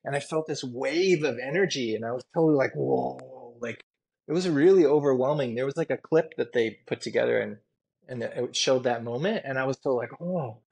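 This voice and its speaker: This guest, a tattoo artist, tells candid stories in an interview with a medium-pitched, darkish, slightly rough voice at a fairly quick clip. His manner is rambling, earnest, and emotional, full of "you know" and "like."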